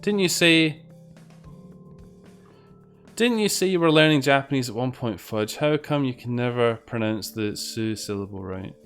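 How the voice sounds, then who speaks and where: Casting: British male streamer, mid pitch, sarcastic and sweary, chatting with viewers over a game, faint music underneath. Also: animated, a little slow, pauses often, fairly bright tone, smooth. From Britain. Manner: sweary, sarcastic banter with chat. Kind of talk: casual gameplay commentary.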